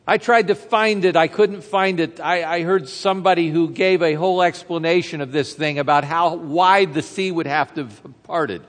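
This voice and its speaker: A man preaching a sermon as a pastor, retelling a story in a conversational way and throwing rhetorical questions to the congregation. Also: fairly high pitch. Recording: reverberant hall sound.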